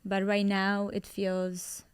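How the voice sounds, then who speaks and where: A woman's voice: mid-range voice, monotone, takes it slowly, clean tone. A woman in her thirties hosting a podcast, chatting casually and affirming her partner. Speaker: podcast host. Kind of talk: casual chat.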